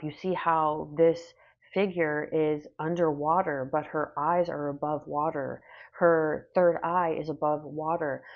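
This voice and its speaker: A woman's voice: deep voice, fairly even intonation, a little slow, highs cut off. A woman doing a casual spoken tarot reading, rambling and reassuring with many fillers. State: hiccuping. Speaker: tarot reader.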